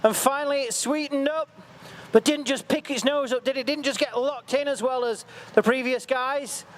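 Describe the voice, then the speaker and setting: A man giving excitable, jokey live commentary at an outdoor event. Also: extremely high pitch, moderate pace. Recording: faint outdoor background noise.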